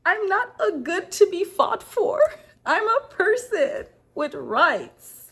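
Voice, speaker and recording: A lovesick young tribal girl pleads in a high, dramatic voice, as a woman telling a folktale puts her on. Her lines swing up sharply in pitch, leaning on the melodrama of a storybook heroine. She sounds casual rather than polished. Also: big pitch swings, slow pace, fairly bright tone, heavily acted. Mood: defiant. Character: defiant teenage tribal girl in love.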